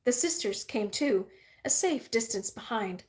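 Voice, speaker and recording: A woman reading a novel aloud in a steady, even narrating manner. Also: on the high side, unhurried. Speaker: reader. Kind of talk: audiobook-style novel reading.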